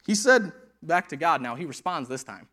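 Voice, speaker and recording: A man preaches in a high, bright voice. His delivery is animated and conversational, swinging between loud storytelling and quiet asides. He often laughs as he talks. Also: normal speed. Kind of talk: sermon.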